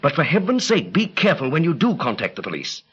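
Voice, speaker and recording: A brisk gentleman special agent. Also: on the high side, wildly swooping pitch, breathy edge, exaggerated voice. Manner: clipped, breezy upper-class British banter. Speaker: lead character in radio drama. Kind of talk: 1940s radio acting. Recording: dull lo-fi vintage radio recording.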